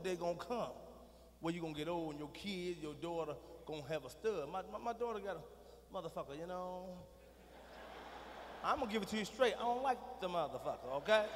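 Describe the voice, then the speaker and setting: A middle-aged man doing a profane stand-up comedy routine on a big arena stage, dropping from low muttering to shouting. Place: large arena stage with audience. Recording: live hall recording with reverb.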